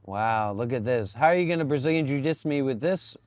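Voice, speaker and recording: A man's voice: mid-range voice, animated, fast, darkish tone, no room sound. A man hosting a casual live stream, playful and teasing, with lots of exclamations. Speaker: livestream host.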